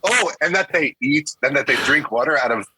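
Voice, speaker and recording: A man's voice: fairly high pitch, lively intonation, fairly quick, sharp tone, breathy edge, no room sound. A man co-hosting a podcast, reacting with exclamations and laughter in casual chat. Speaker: podcast co-host.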